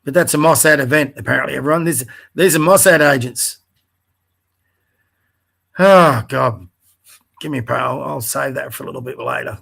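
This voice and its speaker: A man's voice: mid-range voice, normal speed, creaky, pauses often, fairly bright tone, husky. A middle-aged Australian man hosting a livestream, bluntly and profanely ranting as he reads and mocks posts. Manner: blunt, profane, scornful asides. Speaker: livestream host. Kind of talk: angry live rant reading social media posts.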